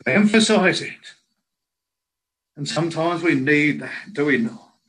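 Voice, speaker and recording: A man preaching a sermon in a slow, earnest way, quoting scripture in old biblical language. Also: a little high, expressive, fairly bright tone, low-quality recording.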